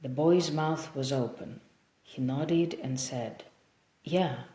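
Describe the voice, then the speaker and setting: A woman narrating an audiobook in a slow, careful storybook reading style. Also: rumbling low, dark tone. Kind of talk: scripted narration. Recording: roomy echo.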